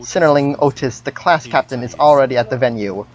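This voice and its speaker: A woman voicing a formal, deadpan little boy who speaks unusually low for a child. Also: a little fast, poor audio.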